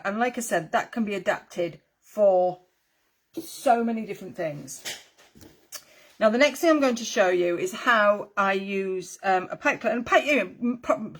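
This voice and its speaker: A woman teaching a craft tutorial in a chatty, friendly way, with rambling asides and frequent ums. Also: mid-range voice. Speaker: needle felting teacher.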